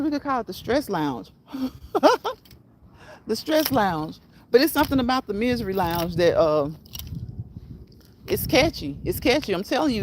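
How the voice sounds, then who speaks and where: A woman hosts a casual live stream. She repeats her phrases and encourages her viewers, at a mid pitch for a woman. Faint noise sits under her voice. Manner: repetitive, encouraging, laughs at own phrases. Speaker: livestream host.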